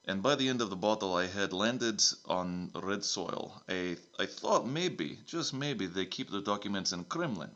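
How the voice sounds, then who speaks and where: A man's voice: lowish voice, expressive, moderate pace, a bit bright, lo-fi sound. A man voicing a bumbling male secret agent who keeps swapping between broad put-on accents, rambling through his mission report. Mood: hammy.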